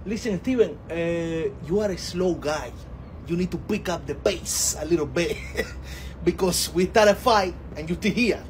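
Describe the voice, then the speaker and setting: A man's voice: high-pitched, unhurried, a little hiss or hum, low-quality recording. A man, a comedian teasing a friend in broken English in a skit.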